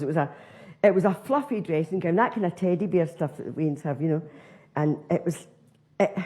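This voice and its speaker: Lively Scottish woman telling a comic story. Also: low voice. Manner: conversational, self-mocking, lively. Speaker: comedian. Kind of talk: stand-up storytelling.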